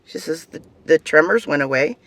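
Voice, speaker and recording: A vlogger with facial tics talks casually to camera in a personal vlog, rambling and chatty, often trailing off and starting sentences over. The voice is mid-range and fairly bright, with lively intonation and normal speed.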